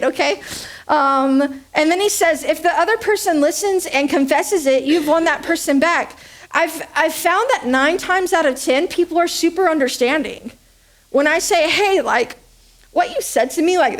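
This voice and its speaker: A young adult woman preaching a conversational sermon, joking at her own expense and checking in with "okay?" and "right?". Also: sits high. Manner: chatty, joking, self-deprecating, asks "okay?" and "right?" often. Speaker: speaker at a church service.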